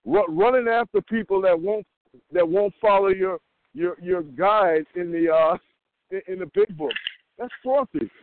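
A man sharing at a recovery meeting in a halting way, with many ums and restarts. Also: sits high, background noise. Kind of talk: casual recovery share. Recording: dry phone-line call audio.

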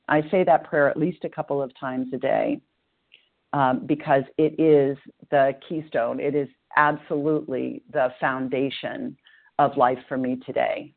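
An earnest, measured voice of middle age, speaking at a recovery meeting over a tinny, narrow phone line. The pitch sits at a middle height. Passages from a book are read aloud between thoughtful personal reflections.

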